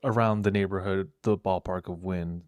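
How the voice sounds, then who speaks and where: A man co-hosting a podcast in casual chat, explaining things hesitantly with many pauses and fillers. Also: low-pitched, steady tone, darkish tone, dry recording, studio quality. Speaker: podcast co-host.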